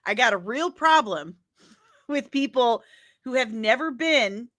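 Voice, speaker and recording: Fairly high-pitched, pushed and bright, this woman from St. Louis, Missouri speaks with a St. Louis accent. She hosts a daily comics news show as a casual rant, exasperated and emphatic, frequently ending her points with "okay?"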